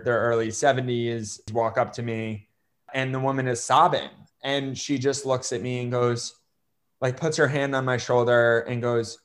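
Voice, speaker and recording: Earnest young man with halting speech. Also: medium pitch. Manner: earnest, halting, many restarts and fillers. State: choked up with emotion. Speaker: guest. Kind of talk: conversational interview.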